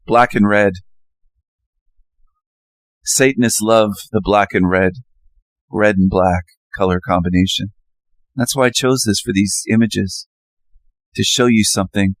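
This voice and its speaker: A man with a low-set voice monologues over a slideshow of images, circling back to the same phrases and jumping into loud, emphatic bursts. The sound is dry and close, with no room around it. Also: unhurried, long pauses, no room sound. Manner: ranting, repetitive, emphatic bursts. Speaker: channel host.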